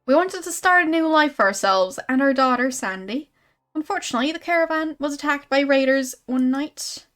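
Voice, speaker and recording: A woman reading the lines of a grieving young widow and mother, in a quiet, subdued manner. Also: high voice, brisk, soft background music. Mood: sad.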